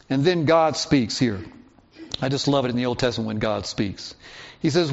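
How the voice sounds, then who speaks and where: A man's voice: medium pitch, moderate pace. A man preaching a sermon as a pastor, teaching through Bible passages and reading verses aloud. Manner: expository Bible teaching, reads scripture aloud. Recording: dull lo-fi sound.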